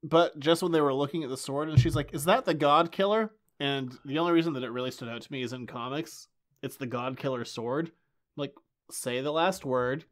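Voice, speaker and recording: A man's voice: mid-range voice, a little fast. A man in his late twenties co-hosting a comics podcast, chatting casually and joking animatedly. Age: late 20s. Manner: joking, animated, laughs often. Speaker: podcast co-host. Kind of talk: casual chat.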